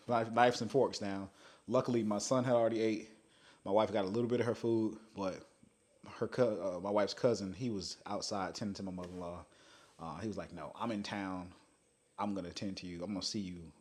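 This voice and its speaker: A man's voice: lowish voice, darkish tone. A man, a fitness coach telling a story in a casual vlog, blunt and profane.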